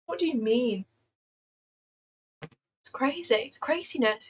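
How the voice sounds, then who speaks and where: A young woman with a British accent talks her way through a live trading session in a loose, chatty flow. Her voice sits a little high, and she often echoes her own phrases with a self-deprecating edge. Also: expressive, slow pace, breathy edge. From Britain. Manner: chatty, self-deprecating, repeats phrases, breaks into playful singing. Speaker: livestreaming day trader. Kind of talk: casual live-stream chat.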